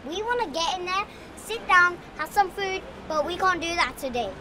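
A person speaking in a mock-grumpy, deadpan way in a street interview. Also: very high voice, normal speed, far from the mic.

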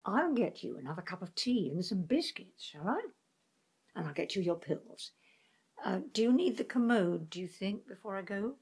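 An actress playing a worn-out sister gently coaxing her brother who has dementia, slow and soothing. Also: medium pitch, lively intonation, breathy edge. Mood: gentle. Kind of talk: stage drama acting.

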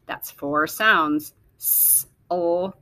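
A woman teacher slowly sounding out letters and words for young children in a phonics lesson. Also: on the low side, sharp tone, no echo. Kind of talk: early-reading phonics lesson.

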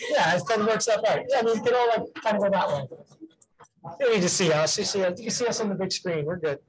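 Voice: medium pitch, low-quality recording. A presenter at a school board meeting, reading out student names one by one and stumbling and correcting themself over the pronunciations. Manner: halting, self-correcting, careful over name pronunciation.

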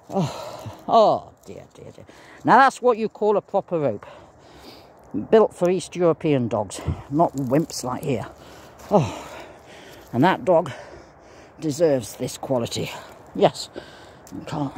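Out on a walk in the fields, a man in his sixties rambles easily, his mid-range voice slightly mellow over some background noise. His thoughts wander between subjects, and he pauses to address his dog.

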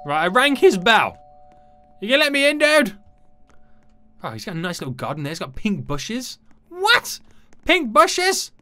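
A man giving excitable, chatty gameplay commentary to his viewers. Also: high-pitched, measured pace, long pauses. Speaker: gaming YouTuber.

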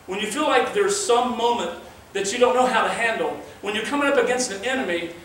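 A man's voice: high voice, brisk, fairly bright tone, slight background noise. A male pastor preaching a sermon in an earnest, conversational way, weaving in scripture readings. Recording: very echoey room, mic far off.

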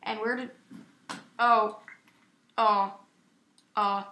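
A young woman giving casual, excitable gameplay commentary as a YouTuber, chatty and self-mocking. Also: mid-range voice, extremely slow. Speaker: gaming YouTuber. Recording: echoey room with faint noise.

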